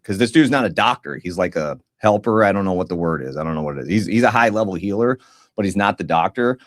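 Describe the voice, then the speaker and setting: This man's voice sits fairly low, and he moves along briskly. As a podcast co-host, he spins a story in slangy, casual chat, doing lively impressions of what others said.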